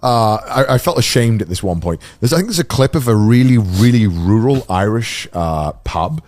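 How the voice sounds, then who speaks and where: Thirties male co-host, relaxed hedging talker, dry close mic. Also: on the low side, moderate pace, no room sound. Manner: laid-back, hedging explainer, casual swearing. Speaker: podcast co-host. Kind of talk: casual chat.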